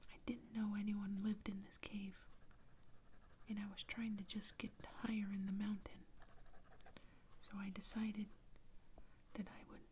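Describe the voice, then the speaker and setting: A woman's voice: mid-range voice, level tone, a little slow, long pauses, warm tone, a little hiss or hum, close to an everyday voice. A woman voicing a polite, brave little girl in a storybook, as whispered role-play. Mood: earnest.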